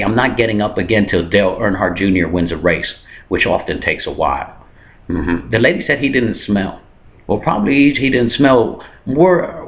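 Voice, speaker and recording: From a hotel room, a comedy news host delivers a satirical monologue of deadpan jokes, occasionally leaping into high mock voices. The recording sounds muffled.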